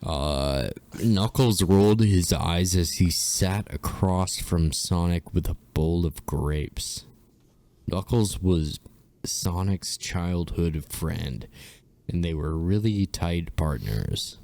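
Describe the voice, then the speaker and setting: A man's voice: deep voice, slow pace, darkish tone. A man co-hosting a comedy show, reading fan fiction aloud and stumbling over the text. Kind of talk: comedic read-through.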